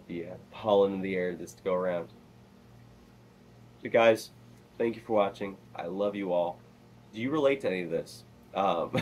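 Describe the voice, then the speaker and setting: A man vlogging in a casual, rambling monologue that is animated and full of swearing. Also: sits low, slight background noise.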